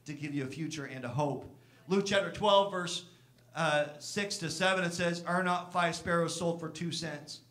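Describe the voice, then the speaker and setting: A pastor preaching a sermon in church, earnest, sometimes acting out the complaints of the people he speaks about. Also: bright, forceful tone. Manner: earnest, acts out Martha's complaints with raised pitch.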